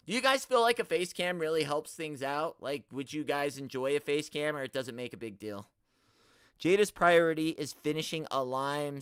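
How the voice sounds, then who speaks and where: A man hosting a live stream, ranting at the chat in an animated, exaggerated way and swearing often. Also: a little high, smooth, dry recording, studio quality. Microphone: studio mic, no camera.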